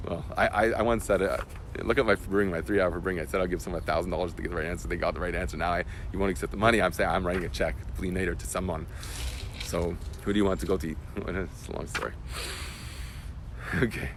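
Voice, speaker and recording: A man, a rabbi, giving an emotional Torah class that swings from loud bursts to hushed whispers. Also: low-pitched, fast, slight background noise. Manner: animated, emotional teaching.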